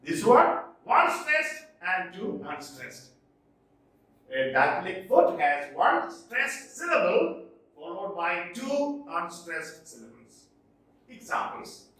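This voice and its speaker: Male teacher giving a slow, methodical class lecture, voice set back from the mic. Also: high voice, very animated, bright, forceful tone, recorded from a distance. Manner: explains step by step, asks and answers his own questions, self-corrects. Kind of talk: classroom lecture on poetic meter. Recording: echoey room, voice from off-mic.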